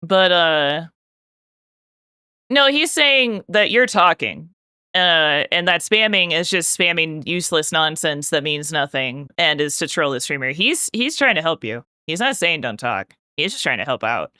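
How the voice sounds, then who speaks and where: A woman streamer chats with her live viewers while she paints, telling a winding story stuffed with "like". Her voice is bright and crisp. The sound is dry and close, with no room echo. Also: low voice, expressive, unhurried. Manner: rambling storytelling full of "like" fillers; talks directly to chat while painting.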